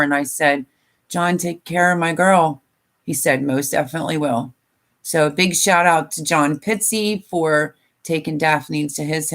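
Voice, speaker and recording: Her low-pitched voice has vocal fry as this older woman chats casually on a live stream. She's tired and emotional, rambling with many fillers and sometimes tearful.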